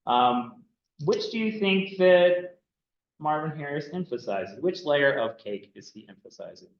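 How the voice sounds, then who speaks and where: A man with a somewhat high, expressive voice gives a casual anthropology lecture at a measured pace. He's chatty and loose, full of fillers, and keeps checking in with students with "right?" The classroom recording sounds dull and roomy.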